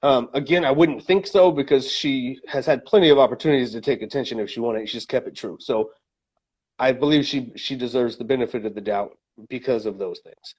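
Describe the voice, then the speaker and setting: A man's voice: mid-range voice, a little fast, darkish tone, husky. A man co-hosting a casual podcast, talking through his opinions with lots of fillers and restarts. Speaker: podcast co-host.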